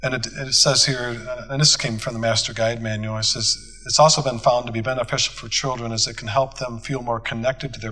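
Husky folksy storytelling pastor, man. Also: medium pitch, bright, forceful tone, poor audio. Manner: folksy storytelling with quoted dialogue. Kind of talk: church conference teaching talk. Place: conference hall.

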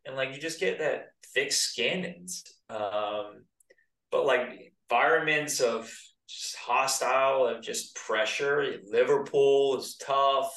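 Speaking slowly in a mid-range, somewhat bright voice, this American man in his thirties talks as a guest in a relaxed interview. He once played soccer professionally, and his easygoing chat tends to wander. The recording is roomy, picked up from a distant mic.

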